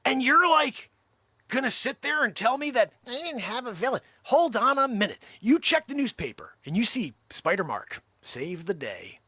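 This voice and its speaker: A man hosting a comic monologue, telling a story in an animated, exaggerated way. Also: extremely high pitch, normal speed, husky, dry recording, clean studio sound. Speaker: host.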